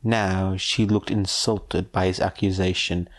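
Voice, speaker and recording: A man narrating fan fiction aloud in a steady, plain storytelling manner. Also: sits low, unhurried. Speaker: fanfiction audiobook reader.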